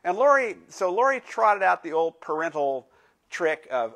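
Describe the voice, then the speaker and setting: Older man preaching with lively storytelling. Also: sits high, moderate pace. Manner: animated storytelling, acting out quoted voices; conversational, with fillers and asides. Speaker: pastor. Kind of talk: sermon.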